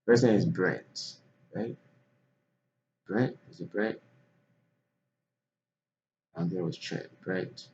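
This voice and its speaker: A man, vlogging a loose, candid monologue that swings from quiet mumbling to loud animated outbursts. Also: low voice, takes it slowly, long pauses, muffled recording, a little hiss or hum. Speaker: vlogger recapping a trading day. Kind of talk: rambling monologue to camera.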